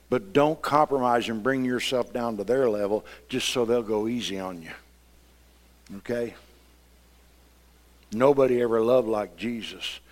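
Pastor guy preaching, goes from soft and low to loud and fired up. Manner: preaching, swings from quiet to loud. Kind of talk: sermon.

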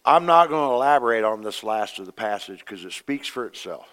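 A middle-aged man, a pastor preaching a sermon, animated, acting out voices in his stories and swinging between loud and soft. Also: fairly low pitch, brisk. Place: church sanctuary. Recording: long reverb of a church hall.

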